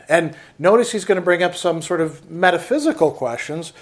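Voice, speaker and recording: A man's voice: on the high side, lively intonation, a little fast, few pauses. Man lecturing on a classic text. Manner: reads quotes aloud, then comments with "right?". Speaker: philosophy lecturer. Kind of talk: lecture reading and explaining a text.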